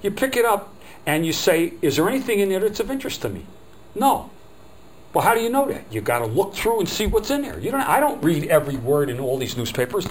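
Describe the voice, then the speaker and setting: A man's voice: high-pitched, sing-song, fairly quick, a little hiss or hum. A middle-aged man from New Jersey with a New Jersey accent gives an informal business training talk. He rambles and acts out customer exchanges. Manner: chatty, digressive, acts out quoted customers. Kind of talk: informal seminar lecture.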